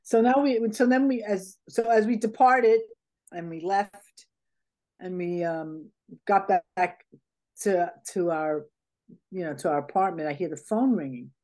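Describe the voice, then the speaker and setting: A woman's voice: on the low side, unhurried. A woman being interviewed, telling stories casually with plenty of laughs and quoted dialogue. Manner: animated, laughs often, acts out quoted dialogue. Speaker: interview guest. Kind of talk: casual anecdotal storytelling.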